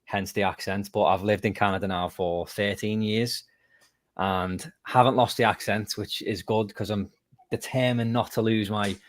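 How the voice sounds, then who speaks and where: A man from the UK with a British accent tells casual stories as a podcast guest, often laughing as he goes. His voice sits on the low side. The sound is dry and close. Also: normal speed, no room sound. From United Kingdom. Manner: laughing storyteller, animated retelling. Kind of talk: casual chat.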